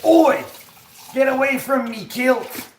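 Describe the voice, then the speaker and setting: A man's voice: slow pace, reverberant, noisy background. A man putting on an exaggerated Scottish accent to play a blustering, brawny comic Scotsman. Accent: put-on Scottish. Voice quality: loud, high, exaggerated shouting.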